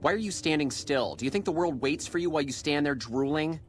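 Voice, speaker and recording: A man's voice: on the high side, animated, fast, slight background noise, natural voice. An actor playing a bossy, contemptuous head chef in a video game who barks orders at his staff. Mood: scolding. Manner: scolding, commanding. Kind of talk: video game character dialogue.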